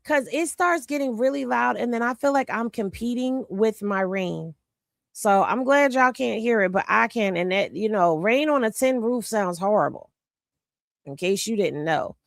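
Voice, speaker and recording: A woman's voice: fairly high pitch, animated, moderate pace, gravelly, dry recording, clean studio sound. A woman hosting casual reaction commentary, blunt and sassy, talking straight to her viewers. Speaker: commentary host. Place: home room with rain on a tin roof.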